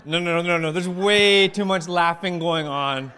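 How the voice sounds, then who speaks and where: A male pastor preaching to his church, retelling a story with playful asides and quick voices for the characters. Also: sits high, bright, forceful tone, smooth. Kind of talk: lively storytelling sermon.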